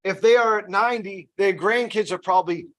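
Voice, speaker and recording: A man's voice: sits high, normal speed, fairly bright tone. A man running a casual sales training session, chatty and loose, often checking in with "you know" and "right?". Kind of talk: casual team training talk.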